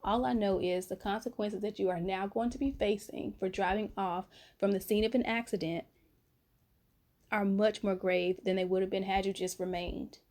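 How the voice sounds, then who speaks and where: A woman's voice: medium pitch, normal speed. A young adult woman from North Carolina, telling a story in a casual vlog and calling her viewers honey and baby. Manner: chatty, animated, uses pet names like honey and baby. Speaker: vlogger. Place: at home, late at night.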